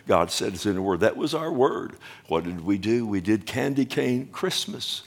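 A male pastor delivers a sermon, turning often to the congregation with questions. His voice sits low and carries a gravelly fry. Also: expressive, normal speed, hardly any pauses. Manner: preaching with rhetorical questions to the congregation.

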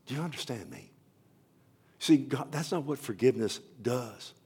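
An older man preaching a sermon with passion, swinging from loud outbursts to hushed tones. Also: medium pitch, animated, moderate pace, slightly rough.

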